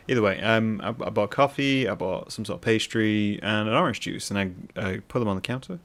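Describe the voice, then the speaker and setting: A middle-aged man from northern England hosting a solo podcast, rambling and self-mocking as he talks through an anecdote. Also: on the low side. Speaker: podcast host.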